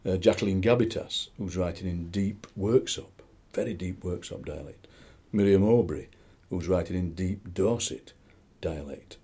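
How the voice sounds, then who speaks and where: Husky, mellow-voiced Barnsley man. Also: deep voice, normal speed, hardly any pauses. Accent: Barnsley, South Yorkshire. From South Yorkshire, England. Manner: animated storyteller, slips into quoted voices. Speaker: poet, interview guest. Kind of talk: conversational interview with poetry reading.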